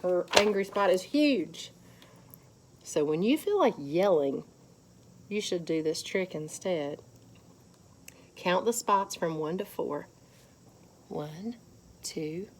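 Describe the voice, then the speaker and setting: A woman leading a children's lesson at church, gently guiding them through counting and calm breathing. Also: lowish voice, slow, pauses often, slight background noise.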